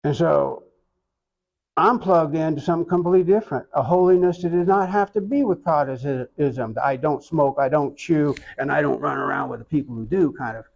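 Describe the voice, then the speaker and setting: An older man with an Oklahoma accent, an interviewee who tells his story slowly and reflectively, with many pauses. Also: fairly high pitch, creaky, darkish tone, highs cut off. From Oklahoma, USA. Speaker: interviewee, iconographer.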